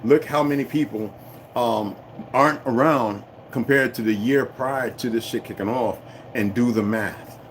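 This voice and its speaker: A man's voice: mid-range voice, unhurried, slight background noise, rough recording. Profane rambling man ranting on a livestream. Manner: profane, emphatic, loose and digressive. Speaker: livestream host reading viewer comments. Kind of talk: rambling casual rant to live viewers.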